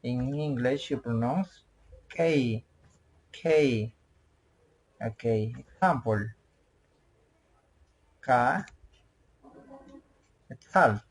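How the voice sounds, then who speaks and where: A man teaching words in simple English, slowly repeating each word several times. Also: mid-range voice, expressive, rough recording. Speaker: Quechua language teacher. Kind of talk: slow language lesson.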